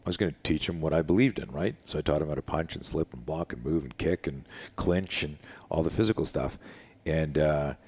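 Deep husky man telling a story. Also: brisk, few pauses. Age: middle-aged. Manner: animated storyteller, acts out quoted voices. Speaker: self-defense instructor, podcast guest. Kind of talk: storytelling in a casual conversation. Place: living room.

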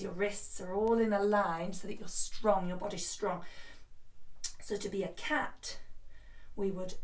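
A woman teaching a children's yoga class in a gentle, encouraging way. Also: medium pitch. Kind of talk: guided kids' yoga class. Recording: echoey room, voice from a distance.

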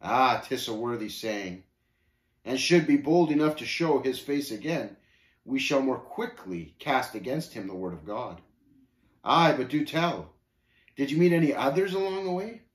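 Brief: man doing a grateful, earnest pilgrim, eager and warm-hearted, roomy echo. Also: medium pitch, animated, unhurried, close to an everyday voice. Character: earnest devout male pilgrim Christian, grateful.

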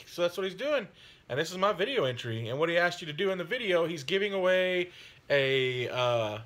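A man's voice: a little high, bright, forceful tone. A man hosting his hobby channel, chatting in a rambling, friendly way with many fillers. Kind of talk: casual chat.

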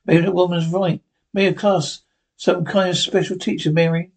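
A man reading the part of an elderly father, tired and worried, gently pleading with his wife. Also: high-pitched, flat delivery, moderate pace, vocal fry. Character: elderly anxious father, protective and weary.

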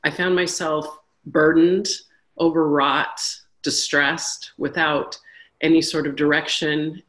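A woman's voice: low-pitched, fairly bright tone. A middle-aged woman from Canada giving a personal faith testimony, earnest and storytelling, with a few fillers. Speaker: reflection speaker.

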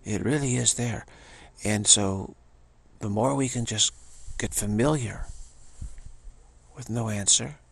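An older man with a gravelly, husky voice gives a meditative spiritual teaching, speaking haltingly with frequent restarts and pauses. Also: on the low side.

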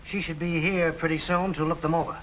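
Man voicing a businesslike police chief, high bright voice, 1940s radio acting. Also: flat delivery, brisk, dull audio, a little hiss or hum, close to an everyday voice. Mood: earnest. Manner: earnest, businesslike. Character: earnest police chief, middle-aged man.

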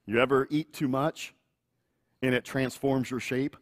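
A middle-aged man, the pastor, preaching a sermon earnestly, with playful asides and chuckles and acting out family members in a higher voice. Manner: acts out quoted family voices in higher pitch.

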